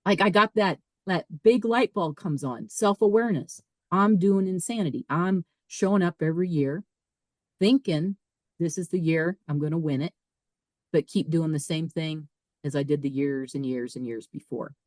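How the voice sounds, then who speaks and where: Low-voiced middle-aged woman telling her story. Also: moderate pace, darkish tone, no echo. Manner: emphatic, repeats phrases, quotes her own thoughts aloud. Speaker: podcast guest. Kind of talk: personal storytelling.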